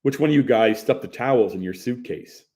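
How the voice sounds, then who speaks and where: A man's voice: medium pitch, brisk, creaky, warm tone, lightly acted. A man reading the part of a hotel maintenance man who talks in a dry, knowing way.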